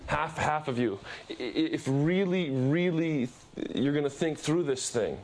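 Male preacher, higher voice, emphatic repetitive storytelling. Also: measured pace. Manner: emphatic storytelling, repetitive, lively shifts in pitch. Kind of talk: sermon.

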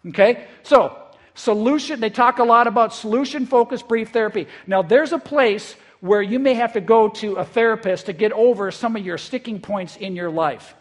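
A male pastor preaching a conversational sermon. He is lively and repeats words when he gets excited. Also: high voice, moderate pace. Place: church in eastern South Dakota.

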